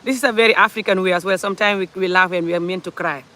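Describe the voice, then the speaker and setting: A woman's voice: lowish voice, fairly even intonation, racing, pushed and bright. A woman from Gambia, passionately ranting in an opinionated social commentary monologue, full of rhetorical questions. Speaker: commentary vlogger.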